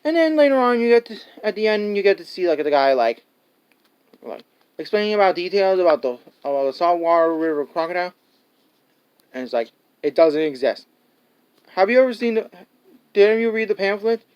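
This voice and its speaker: Male reviewer, high smooth voice, loose rambling recap, acts out scenes. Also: sing-song, brisk, pauses often, a little mellow, lo-fi sound. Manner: rambling, full of "like" and restarts; laughs often and acts out scenes. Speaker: movie reviewer. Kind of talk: casual spoken movie review.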